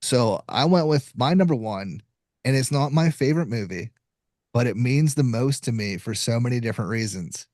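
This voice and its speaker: A man's voice: medium pitch, normal speed, no echo. Male podcast host, casual storyteller, dry close recording. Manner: relaxed storytelling, with small restarts.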